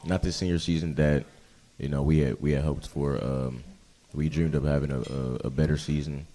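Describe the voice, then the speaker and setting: Young player, very deep dark voice, hesitant, repeats words. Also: male voice, steady tone, normal speed. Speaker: high school football player. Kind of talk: casual interview.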